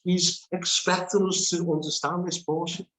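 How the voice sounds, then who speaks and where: A man teaching a Bible study, animated and laughing between his points as he reads scripture aloud. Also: sits high, moderate pace, reverberant.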